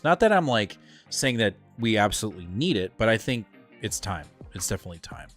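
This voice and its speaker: A man with a lowish voice rambles excitedly through a casual live-stream chat. He co-hosts a comic book show and drops filler words and casual swearing as he goes. Faint music plays behind him. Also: fairly quick.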